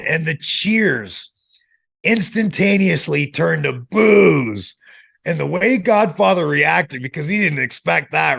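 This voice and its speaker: A man with a heavily gravelly, creaky voice pitched a bit high for a man. He is an interview guest telling road stories in an animated way and playing out the lines of the people in them. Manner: animated storyteller who acts out quotes and laughs. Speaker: interview guest, former pro wrestler. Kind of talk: casual storytelling interview.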